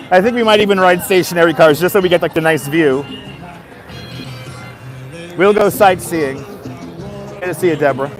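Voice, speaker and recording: A man in his fifties with a Brooklyn accent, chatting bluntly on a live stream outdoors and answering viewer comments. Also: high-pitched. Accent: Brooklyn New York. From Brooklyn, New York. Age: 50s. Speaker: livestreamer. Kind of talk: casual live-stream chat. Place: outdoors in a busy seaside city area.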